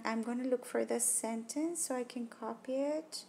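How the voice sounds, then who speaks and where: On a tablet mic with slight background noise, a woman teacher goes through a test-prep lesson slowly, pausing often. Her voice is on the high side and dark in tone as she reasons about every answer option and rules each out in turn.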